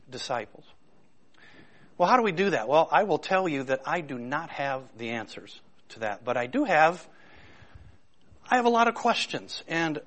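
Man, pastor, relaxed conversational sermon, rhetorical questions, slightly high voice. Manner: informal and searching, poses many rhetorical questions.

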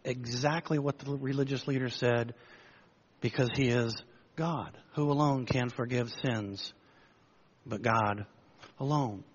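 Storytelling preacher man, husky. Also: medium pitch, unhurried, pauses often, dull audio. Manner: storytelling, lively, acts out the crowd's lines. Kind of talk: sermon.

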